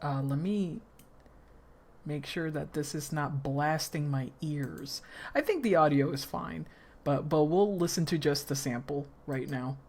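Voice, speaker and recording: A woman streamer chatting casually and reacting excitedly while she listens along. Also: sits low, a little slow, slightly rough. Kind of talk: casual live-stream chat.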